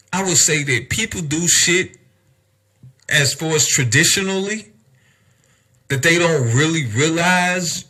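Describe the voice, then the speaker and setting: Young male podcast host, emphatic and heated, with a bright, sharp, husky tone. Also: fairly high pitch. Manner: heated, emphatic, heavy cursing, rhetorical questions. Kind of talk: profane rant on a podcast.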